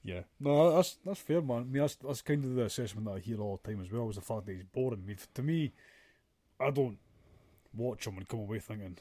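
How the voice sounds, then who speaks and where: A man's voice: mid-range voice, animated, quick pace, mellow, no room sound. Sweary, ranting male podcast co-host. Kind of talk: casual chat.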